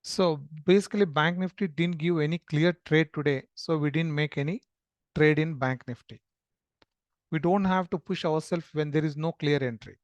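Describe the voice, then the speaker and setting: A man's voice: on the high side, moderate pace, no echo, lo-fi sound. Man teaching chart analysis, dry. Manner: explanatory, with frequent fillers and restarts. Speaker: trading educator. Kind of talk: screen-share market analysis lesson.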